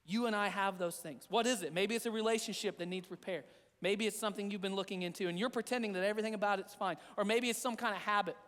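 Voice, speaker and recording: High-voiced man preaching in an echoing hall. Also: fairly even intonation, fast, a bit bright. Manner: earnest, repetitive conversational preaching. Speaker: pastor. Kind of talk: sermon. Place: church sanctuary.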